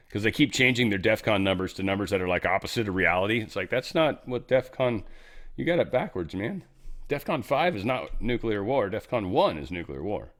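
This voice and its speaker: Rambling sarcastic male news host. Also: low-pitched. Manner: rambling, sarcastic, swears, does mock voices. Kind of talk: casual news commentary.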